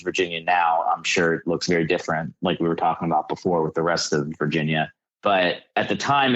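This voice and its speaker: A man, a comedian calling in as a guest, telling a story casually and rambling with lots of filler words. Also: deep voice. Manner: rambling, heavy use of "like" fillers. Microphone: calling in remotely. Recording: dull lo-fi call-in audio.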